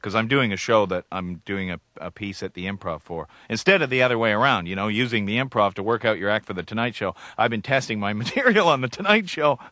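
Man, comedian guest, wry rambling stories, low forceful voice, dry close sound. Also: lively intonation, quick pace, few pauses, dry recording. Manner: wry, rambling, chuckling storyteller. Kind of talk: casual interview talk.

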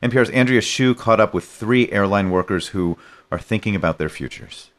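A man anchoring a radio newscast, introducing a report in a calm, measured way. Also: fairly low pitch. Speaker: news anchor. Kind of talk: scripted news introduction.

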